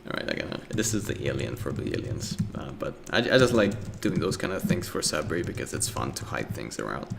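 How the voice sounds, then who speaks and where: A man's voice: extremely low pitch, very animated, brisk, gravelly, few pauses, background noise. Rambling young man lecturing on art. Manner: rambling, filler-heavy, breaks into acted voices and sound effects. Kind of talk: casual recorded lecture.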